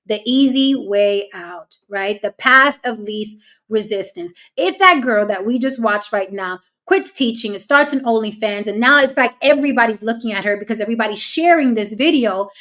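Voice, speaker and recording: A woman's voice: on the high side, fairly bright tone. Blunt, cynical woman host. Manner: blunt, cynical, talks straight to viewers. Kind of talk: casual commentary.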